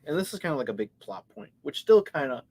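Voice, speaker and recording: A man co-hosting a live podcast in a casual movie review chat, retelling scenes with lively acted-out quotes. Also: a little high, quick pace, creaky, slightly rough. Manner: animated storyteller, acts out scenes. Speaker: podcast co-host.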